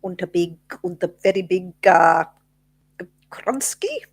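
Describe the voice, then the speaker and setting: An Australian woman with a slightly low, husky voice co-hosts a casual live stream. She chimes in cheerfully, and her sound is dry and close. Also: flat delivery, normal speed, dry recording. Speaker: co-host of a live chat stream.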